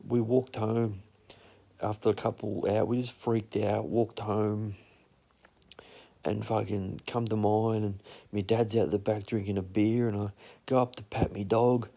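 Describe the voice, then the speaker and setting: A man's voice: lowish voice, creaky, dark tone, dry recording. A young man with an Australian accent telling rambling, profane anecdotes in a blunt, casual way. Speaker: storyteller.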